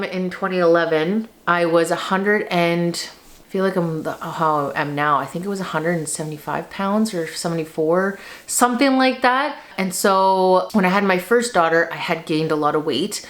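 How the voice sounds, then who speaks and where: A woman's voice: fairly low pitch, a bit bright. A woman in her thirties telling her personal story to camera in a casual, rambling way, full of fillers. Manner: chatty, rambling with many fillers, tearful at moments. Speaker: lifestyle vlogger.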